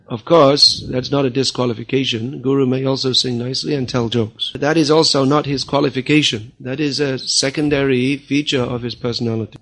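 A man's voice: mid-range voice, a bit bright. A man delivering a religious lecture in a firm, scolding manner. He often quotes others in mock voices. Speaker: spiritual teacher.

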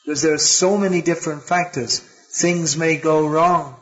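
A man's voice: on the high side, steady tone, normal speed, fairly bright tone. A man giving a spiritual lecture as a teacher, often stopping and restarting his sentences. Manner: hesitant, with many restarts and fillers. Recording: dull lo-fi lecture recording.

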